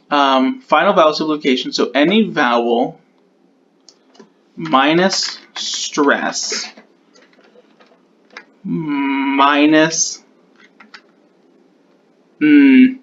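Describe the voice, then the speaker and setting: Here a slightly high, somewhat bright male voice comes through lo-fi audio with a touch of hiss or hum. The man, who builds constructed languages, casually talks through the sound-change rules he devised, self-correcting while he thinks aloud.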